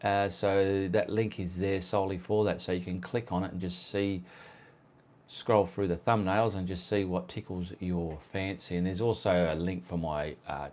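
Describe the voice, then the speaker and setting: At home, a rambling Australian artist hosts a live Q&A art stream, casually answering viewers one by one and reading out their comments. Chatty and easily sidetracked, he keeps drifting to side tasks before returning to the chat. His voice is a little low and mellow, with a steady tone and moderate pace.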